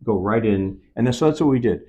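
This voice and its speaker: Producer type, male, lively storyteller with a pitch that rises and falls, acts out the voices in his anecdotes. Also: fairly quick. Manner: animated storytelling, acts out quoted dialogue. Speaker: film producer. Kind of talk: on-set interview. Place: event set.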